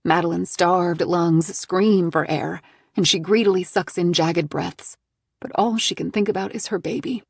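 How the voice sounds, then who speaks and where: Role: audiobook narrator. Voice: husky woman, mid pitch. Style: tense, measured thriller reading. Sound: dry, close mic. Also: fairly even intonation, no echo.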